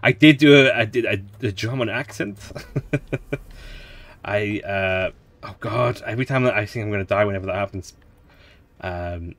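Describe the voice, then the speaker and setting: Low-voiced man chatting over a game. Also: moderate pace, long pauses, fairly bright tone, no echo. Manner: chatty, rambling, laughs often. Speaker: let's play host. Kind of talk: relaxed gameplay commentary.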